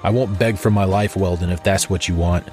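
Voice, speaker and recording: A man reading a story, voicing a cold, scheming young woman inventor who talks in a defiant, sharp-tongued way. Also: low-pitched, fairly even intonation, a little fast, faint music behind, natural voice.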